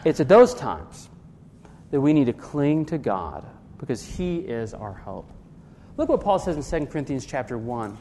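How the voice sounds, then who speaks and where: Earnest pastor in a reverberant church. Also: male voice, medium pitch, big pitch swings, normal speed, dark tone, slight background noise. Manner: earnest, with frequent restarts and rhetorical questions. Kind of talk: sermon.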